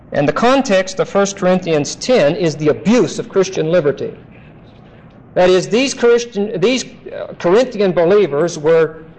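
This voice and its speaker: A man's voice: sits high, a little mellow, rough recording. A male pastor teaching through a Bible passage in an emphatic, explanatory sermon. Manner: emphatic, explanatory, deliberate phrasing.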